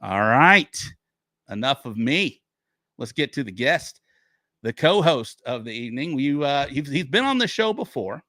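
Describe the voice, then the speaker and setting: A man's voice: mid-range voice, very animated, measured pace, pushed and bright, no room sound, studio quality. A man hosting a casual live stream, laid back, laughing often and reading out viewer questions. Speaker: show host.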